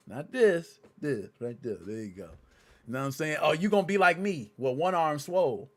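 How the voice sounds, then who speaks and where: A man's voice: a little high, animated, moderate pace. A man hosting a casual gaming podcast, joking around in loose, slangy banter. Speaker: podcast host.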